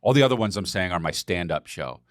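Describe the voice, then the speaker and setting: Animated man doing loud sound-effect bits. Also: low-pitched, fast, no room sound, clean studio sound. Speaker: podcast co-host. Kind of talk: casual banter.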